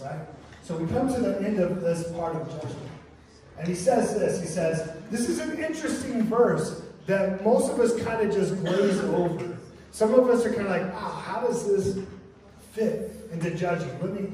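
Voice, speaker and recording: A man's voice: sits high, lively intonation, moderate pace, background noise. A man preaching a sermon as a pastor, telling stories casually and often saying "man" and "right?". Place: church sanctuary. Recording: echoey church hall from far off.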